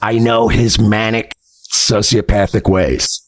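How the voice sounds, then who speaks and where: A man's voice: lowish voice, fairly even intonation, slow pace. A man hosting his livestream, venting bitterly and swearing freely. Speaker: streamer host. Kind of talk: emotional livestream monologue.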